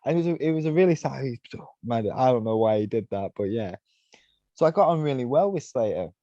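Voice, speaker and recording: A man's voice: mid-range voice, lively intonation, quick pace, dark tone, no room sound, dull audio. A man being interviewed on a podcast, telling long, rambling stories and leaning on "you know" and "right?" as he goes. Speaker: podcast guest, mountainboarder. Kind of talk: casual storytelling.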